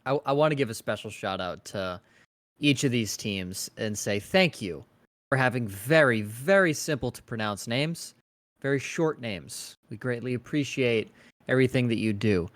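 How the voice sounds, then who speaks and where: A man's voice: medium pitch, animated, moderate pace, fairly bright tone. Rambling male esports co-caster. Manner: rambling, hesitant with fillers. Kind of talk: esports match commentary.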